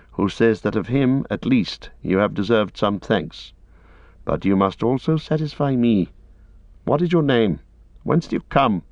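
A man voicing a grave, just captain who speaks in a measured, formal and commanding way. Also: medium pitch, dry recording. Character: stern noble male captain, grave and just. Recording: dry, slightly dull audiobook recording.

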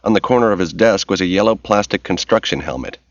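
A man narrating an audiobook in a steady, measured reading voice. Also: low-pitched, dry recording. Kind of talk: scripted narration. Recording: dull lo-fi recording.

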